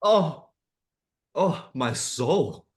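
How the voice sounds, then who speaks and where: A man's voice: on the high side, lively intonation, very slow. A man, a podcast guest, reacting with sympathy and laughter in casual chat.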